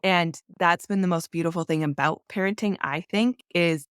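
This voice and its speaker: A woman's voice: on the low side, normal speed, fairly bright tone, clean tone, no room sound, clean studio sound. A woman speaking as a podcast guest, talking earnestly and emotionally about parenting, with lots of "like" fillers. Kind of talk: candid conversational interview.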